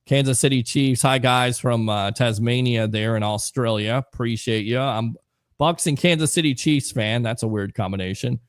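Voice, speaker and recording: A man's voice: mid-range voice, moderate pace, dry recording. A man hosts a live call-in sports show, rambling casually through viewer comments with plenty of fillers. His voice sits in a middle range. The sound is dry and close. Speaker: sports talk show host.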